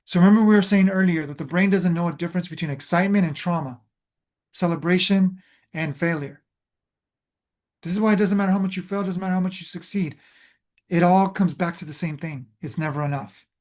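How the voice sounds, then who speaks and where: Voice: medium pitch, a little fast, a little mellow. Emphatic spiritual coach talking. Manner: emphatic, repeats phrases for stress; loose, filler-heavy delivery. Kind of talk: motivational talk.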